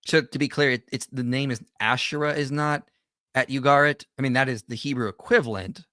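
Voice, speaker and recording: A man's voice: mid-range voice, steady tone, a little fast, bright, forceful tone, clean tone, dry recording, clean studio sound. A man hosting a livestream, giving conversational reaction commentary with frequent restarts and self-corrections. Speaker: host.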